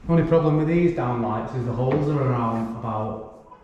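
A man working as an electrician indoors at a renovation talks casually, thinking aloud and explaining as he works. His medium-pitched voice moves at a moderate pace, and the recording sounds muffled. The room is echoey with faint background noise.

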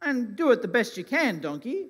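A man leading a children's talk at a church, asking gentle questions and playing along with a puppet. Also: very high voice, sing-song, normal speed, husky. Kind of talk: kids' talk from the stage. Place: church hall. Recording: church hall reverb.

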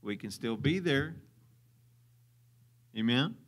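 A man's voice: medium pitch, lively intonation, takes it slowly, fairly bright tone. A man with a Southern US accent preaching a sermon as pastor, repeating phrases for emphasis and chuckling now and then.

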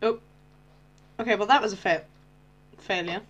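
A teenage girl giving casual, excitable commentary on her Minecraft gameplay, often squealing and shouting with delight. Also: mid-range voice, normal speed, muffled recording. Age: teens. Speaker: Minecraft YouTuber.

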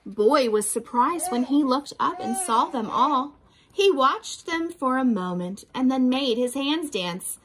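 A woman reading a children's picture book aloud as a teacher, slow and expressive, pausing to ask her listeners questions. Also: sits high, slight background noise.

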